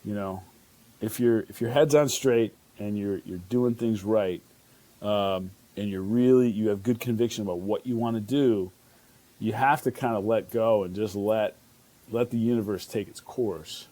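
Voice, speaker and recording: Man, 50s, chef guest; low, mellow voice, rambling storyteller. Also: normal speed. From Chicago. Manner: rambling, many fillers and restarts. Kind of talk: casual interview storytelling.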